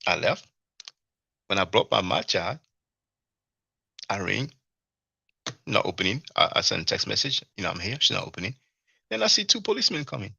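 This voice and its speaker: A man's voice: fairly low pitch, moderate pace, creaky, long pauses, slightly rough, no room sound, muffled recording. A man hosting a livestream, rambling through a personal story in casual talk, full of fillers and restarts. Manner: rambling, animated retelling with many fillers and restarts. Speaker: livestream host.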